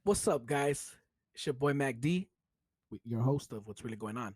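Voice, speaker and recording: A man's voice: mid-range voice, expressive, normal speed, over music. A young man with a Chicano English accent, hosting his own podcast and telling a story in a casual, profane way, laughing often. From United States. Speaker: podcast host.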